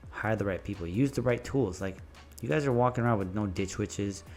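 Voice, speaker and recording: A man who runs a landscaping business, giving blunt, animated business advice and stories in a casual vlog. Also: lowish voice, brisk, soft background music.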